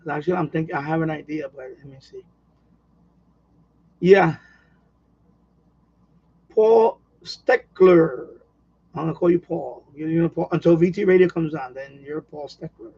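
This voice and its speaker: A man hosting a radio hobby livestream, chatting casually with viewers in a rambling, excitable way with many restarts. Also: on the high side, a little slow, creaky, long pauses, slightly rough, lo-fi sound. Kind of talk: casual livestream chat reading viewer comments.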